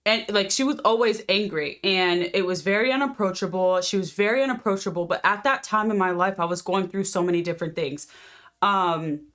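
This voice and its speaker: A woman's voice: mid-range voice, fairly quick, a bit bright. A woman host and life coach telling a personal story to camera in an earnest, conversational way, often restarting her sentences.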